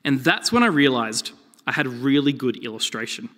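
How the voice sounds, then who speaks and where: A man's voice: medium pitch, brisk. Man preaching in a reverberant hall. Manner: animated storytelling with shifting emphasis. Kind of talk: sermon.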